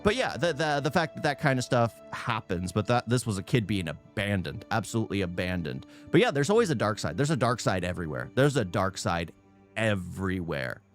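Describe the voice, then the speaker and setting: A man's voice: on the low side, sing-song, brisk, soft background music. A man giving casual, opinionated reaction commentary on a video, rambling, restarting and repeating his own phrases. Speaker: YouTube reactor.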